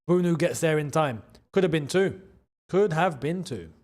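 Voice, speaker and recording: A young man with a London accent hosting a live football watchalong, chatting in slang and breaking into excited shouts at big chances. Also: fairly high pitch, moderate pace. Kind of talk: live match watchalong commentary.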